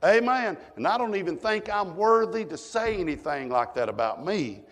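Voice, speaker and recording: A man's voice: high-pitched, animated, normal speed. A man preaching a fervent sermon, punctuating his points with frequent amens. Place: church sanctuary. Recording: long church hall reverb.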